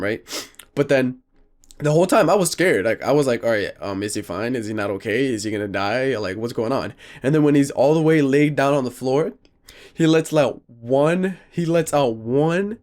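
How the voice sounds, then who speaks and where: A teenage boy telling a story in a vlog, rambling and animated, saying "like" and "freaking" often.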